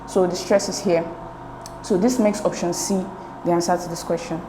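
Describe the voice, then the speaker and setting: A woman's voice: fairly low pitch, fairly even intonation, normal speed, dark tone, roomy sound, slight background noise, low-quality recording. A woman explaining exam questions step by step as a tutor, repeating key points.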